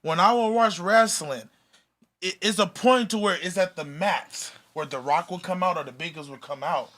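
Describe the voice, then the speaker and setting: A man's voice: sits high, moderate pace, fairly bright tone. A man in casual podcast chat, laid-back and emphatic, swearing and repeating himself for effect. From California. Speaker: rapper guest.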